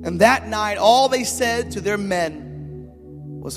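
A man preaching a sermon, telling stories in a chatty way that builds to shouted peaks and calls on the crowd for an amen. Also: high voice, lively intonation, takes it slowly, big-room sound, music in the background. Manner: storytelling, builds from chatty asides to shouted climaxes; calls for audience response.

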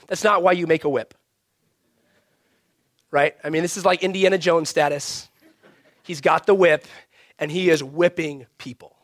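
Emphatic higher-voiced male pastor preaching. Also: moderate pace, no echo, clean studio sound. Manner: emphatic, swings from raised emphasis to hushed near-whisper. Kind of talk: sermon.

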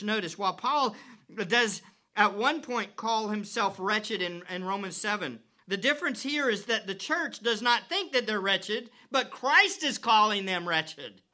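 A man preaching a sermon who swings from hushed whispers to loud, emphatic declarations and stretches words slowly for emphasis. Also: high-pitched. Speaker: pastor.

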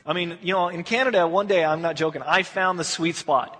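A man's voice: sits high, brisk, few pauses, fairly bright tone, big-room sound. A man preaching a conversational sermon, telling the story and acting out what people say. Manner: conversational storytelling, acts out quotes. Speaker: pastor.

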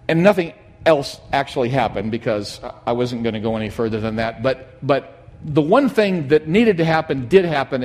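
A middle-aged man preaching a sermon, telling a personal story in an animated, emphatic way. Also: medium pitch. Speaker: pastor.

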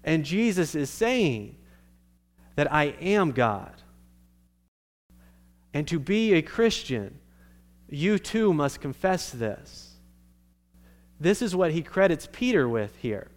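A male pastor gives a sermon with a slightly high voice. He preaches conversationally, checks in with his listeners and restarts phrases as he goes. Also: sing-song, slow, long pauses.

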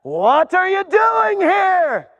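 A man voicing a brusque male gatekeeper at heaven's gates who loudly interrogates a newcomer. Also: very high-pitched, wildly swooping pitch, extremely slow, big-room sound, highs cut off, pitched above the performer's own voice, heavily acted. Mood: interrogating. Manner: loud, incredulous, interrogating.

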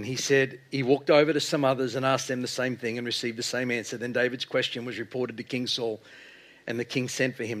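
A middle-aged male pastor telling a sermon story in an animated way, acting out the quotes. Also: medium pitch, fairly quick.

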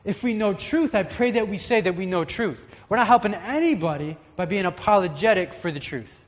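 A man's voice: sits high, lively intonation, fairly quick. A man preaching a conversational, earnest sermon as a pastor. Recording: long hall reverb.

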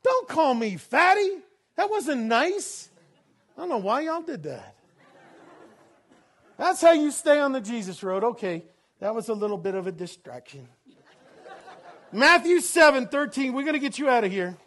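High-voiced animated man preaching. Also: normal speed, long pauses. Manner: animated preaching, swinging from loud laughing bursts to low solemn reading. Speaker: pastor. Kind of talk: sermon.

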